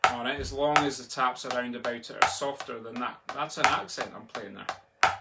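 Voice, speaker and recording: A Scottish man runs a drumming lesson from his home, chanting the counts and sticking patterns in a loose, chatty way. His voice is mid-pitched with a gravelly edge. Loud background noise sits under the recording. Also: normal speed. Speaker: drum tutor. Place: home, a street outside.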